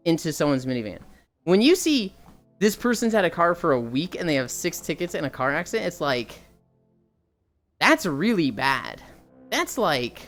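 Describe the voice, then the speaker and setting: A woman streamer telling a casual story while walking, lively and swearing, putting on higher voices when she quotes people.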